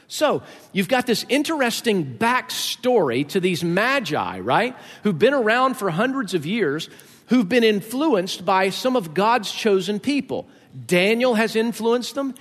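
A man's voice: sits high, sing-song, unhurried, fairly bright tone. A man preaching a sermon, explaining scripture in a conversational way with joking asides to the congregation. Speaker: pastor. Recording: echoey hall.

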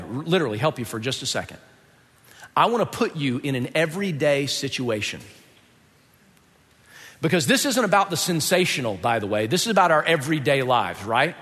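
A man preaching in a lively, conversational way, throwing rhetorical questions at the congregation. His voice sits high and bright, swinging widely in pitch. A long reverb trails behind him in a large hall. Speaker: pastor. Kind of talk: sermon.

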